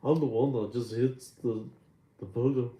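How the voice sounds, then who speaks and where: A man putting on a loud, jolly impression of a bumbling drummer. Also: mid-range voice, steady tone, moderate pace, reverberant, close to an everyday voice.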